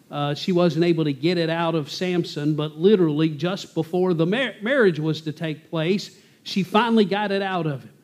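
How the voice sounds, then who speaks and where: A man's voice: a little high, a little mellow. A man teaching a Bible passage verse by verse, talking conversationally with frequent filler words. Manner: conversational, explains each verse in plain terms with frequent "uh" fillers.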